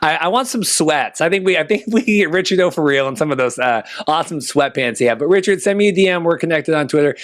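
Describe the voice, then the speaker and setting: A man hosting a podcast, chatting casually, excitable and rambling with lots of restarts. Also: on the high side, fast talker, hardly any pauses. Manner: excitable, rambling, repeats himself. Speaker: podcast host.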